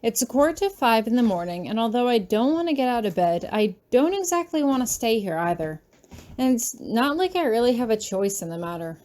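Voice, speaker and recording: A woman reading her fan fiction aloud in the first person, soft and anxious in tone. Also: a little high, big pitch swings, brisk. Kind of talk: first-person audiobook narration.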